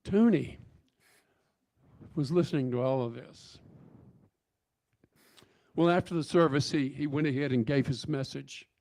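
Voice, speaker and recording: A man's voice: mid-range voice, measured pace, pauses often, darkish tone. A man telling a story in a church sermon, folksy, with many restarts and fillers. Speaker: speaker at church service. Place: church sanctuary.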